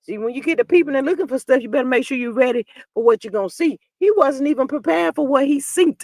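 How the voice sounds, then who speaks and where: A woman's voice: fast, no echo. Sassy woman streamer, dry close mic. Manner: animated, sassy, swings between low mutters and loud outbursts. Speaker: reality TV commentary host. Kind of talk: live-stream chat reading viewer comments.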